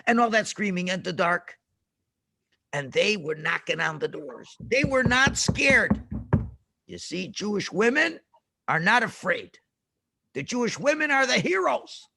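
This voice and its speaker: A rabbi telling a lesson story to children over a video call, dramatic and full of questions to the kids. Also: male voice, high voice, sing-song, unhurried, creaky, pauses often, pushed and bright.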